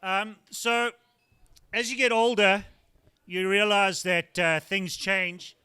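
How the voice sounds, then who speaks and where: A man's voice: high-pitched, fairly even intonation, slow, bright, forceful tone, clear, resonant tone, faint music behind. Older South African man doing stand-up. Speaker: stand-up comedian. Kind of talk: stand-up routine. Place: brewery taproom with live audience.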